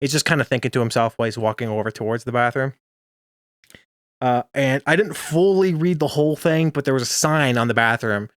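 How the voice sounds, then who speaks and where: A young man talking casually as a podcast co-host, jokey and full of laughter. His voice sits in an ordinary middle pitch. The sound is dry and close, with no room around it. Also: fairly quick, fairly bright tone, no room sound. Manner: chatty, laughs often, jokey. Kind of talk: casual chat recapping an anime episode.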